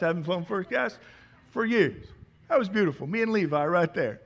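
A pastor in his forties preaches a sermon, telling a lively personal story and acting out the dialogue. His voice sits high and he speaks at a moderate pace.

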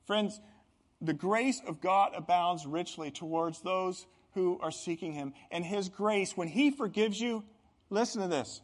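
A man's voice: sits high, a little slow. A middle-aged man preaching a sermon as pastor, earnest and building to emphatic bursts.

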